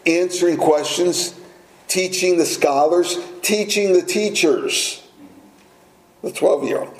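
A man's voice: high-pitched, takes it slowly. A man preaching a sermon in a conversational way, often asking the listeners questions. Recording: echoey room.

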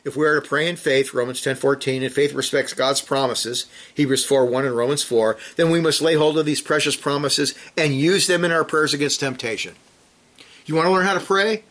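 A man's voice: medium pitch, moderate pace, a bit bright. A man preaching a sermon, reading scripture aloud and urging listeners with pointed rhetorical questions. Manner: earnest, urgent exhortation with rhetorical questions; reads scripture quotations aloud with rising emphasis.

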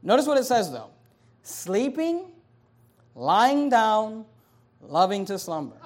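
A man with a notably high-pitched voice delivers a sermon as pastor. He leans hard into key phrases, slowing and rising, then slips into casual asides. He repeats chapter and verse references as he guides listeners. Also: sing-song. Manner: emphatic preaching, slows and rises on key phrases.

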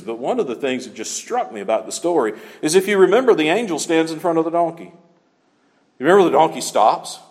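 A man's voice: a little high, darkish tone. A man preaching a sermon with emphatic, repeated key phrases, in a church. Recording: long hall reverb.

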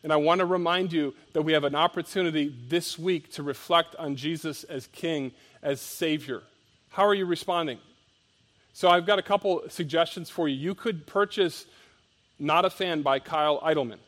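A man preaching a sermon as pastor, reading scripture aloud and explaining it with emphatic rises and soft drops. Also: on the high side, moderate pace.

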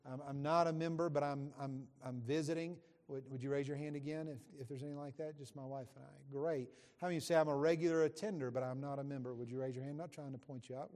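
Middle-aged man, visiting preacher; folksy, joking with the congregation; mid pitch, reverberant sanctuary. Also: warm tone. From West Virginia, USA. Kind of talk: sermon introduction from the pulpit. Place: church sanctuary. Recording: long church hall reverb.

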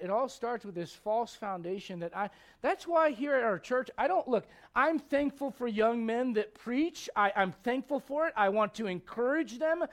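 A man's voice: very high-pitched, a bit bright. A male pastor preaching a sermon in a conversational, emphatic way, acting out quotes with frequent restarts.

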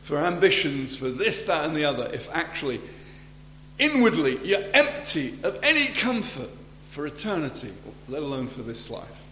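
A man's voice: a little high, very animated, normal speed, sharp tone. A man preaching a sermon in a church and closing with a prayer, earnest and conversational, often restarting his phrases. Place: church hall. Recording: echoey hall with faint hum.

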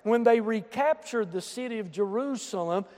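A man preaching a fervent sermon to his congregation, moving between quiet asides and shouted emphasis. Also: high-pitched, lively intonation, moderate pace, big-room sound. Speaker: pastor. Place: church sanctuary.

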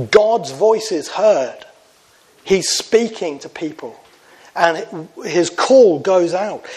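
Middle-aged male preacher, fairly high-pitched, earnest sermon delivery that questions the listeners. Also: a little mellow. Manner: earnest, asks the congregation questions. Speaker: pastor.

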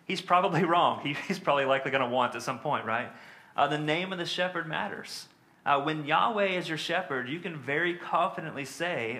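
Bright-voiced preacher, chatty. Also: male voice, fairly high pitch, brisk. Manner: conversational teaching with many fillers and tag questions. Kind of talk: sermon.

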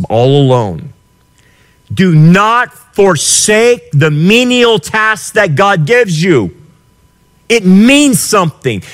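A middle-aged male pastor preaching a sermon with passion, swinging from quiet lines to shouted ones. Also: sits high.

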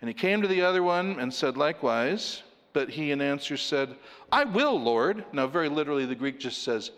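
A man preaching a sermon, animated and playful, acting out the voices of people in his story with laughs. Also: a little high, fairly quick. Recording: long hall reverb.

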